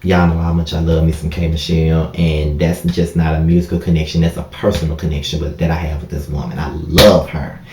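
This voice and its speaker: A very low-pitched man tells a heartfelt story straight to his viewers in a casual vlog. He talks openly and emotionally, tossing in "y'all" and "you know what I mean." The room gives his voice a noticeable echo. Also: little pitch movement, fast, few pauses, mellow, a little hiss or hum. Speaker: vlogger. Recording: echoey room.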